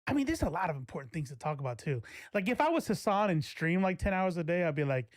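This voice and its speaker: A man's voice: high voice, very animated, quick pace, dry recording. Man in his forties, streamer, loose rambling talk, dry room. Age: 40s. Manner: rambling, laughing, self-interrupting. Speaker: streamer host. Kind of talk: casual live-stream commentary.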